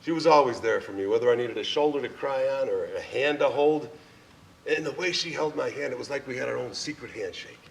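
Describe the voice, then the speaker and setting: On a theater stage, a man delivers a heartfelt personal monologue, chuckling often as he tells his story. His mid-range voice is a bit fast and creaky, and the recording sounds distant with faint ambience.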